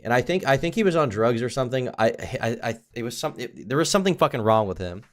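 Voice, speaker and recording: A man hosting a livestream, talking casually and profanely, rambling with lots of filler and trailing off low. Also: expressive, fast talker. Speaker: streamer host.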